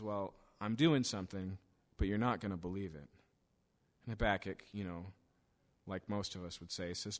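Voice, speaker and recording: A man delivers a sermon as a story, acting out the voices of the people he quotes. His voice sits at an ordinary pitch, and it carries a long reverb from a large church hall. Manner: storytelling, acts out quoted voices with rising intensity. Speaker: preacher.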